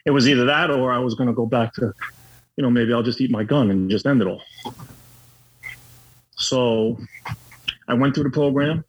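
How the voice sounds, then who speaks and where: A man's voice: medium pitch, normal speed, pauses often, lo-fi sound. A middle-aged man telling his own story candidly, blunt and profane, with lots of fillers. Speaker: guest.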